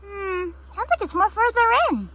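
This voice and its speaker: Lively and fully in character, a woman voices anime schoolgirls chattering back and forth at a sleepover for a plush toy video. Her very high voice comes with a little hiss or hum behind it, and the exchanges are quick and excitable.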